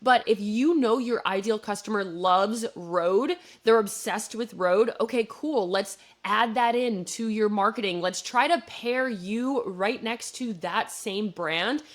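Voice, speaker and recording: A young woman from Wisconsin with a Midwestern accent, hosting a business podcast and explaining marketing in a relaxed, conversational way with plenty of fillers. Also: medium pitch, unhurried, hardly any pauses. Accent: Midwestern American. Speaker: podcast host, marketing coach. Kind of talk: solo business podcast commentary.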